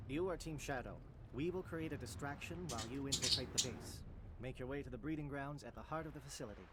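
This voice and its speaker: A man voicing a stern, formal alien military captain in a video game, giving a solemn, measured briefing. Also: mid-range voice, heavy background noise, close to an everyday voice. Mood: grave.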